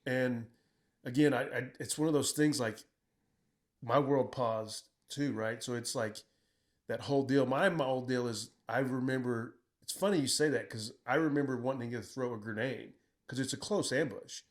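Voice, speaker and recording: A middle-aged man, a military veteran, telling combat stories in casual conversation, blunt and profane, acting out what he shouted. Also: medium pitch, moderate pace. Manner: profane, blunt, quotes himself in raised voice.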